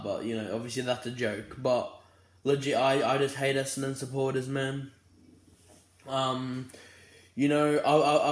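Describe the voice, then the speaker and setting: A young Australian man talks through a footy fan preview in a rambling, fired-up way, stumbling over his words. He sounds tired, with yawns between lines. His delivery stays flat and level, and the room echoes around him. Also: medium pitch. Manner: rambling and fired up, many restarts. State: tired and yawning. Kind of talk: casual fan preview monologue.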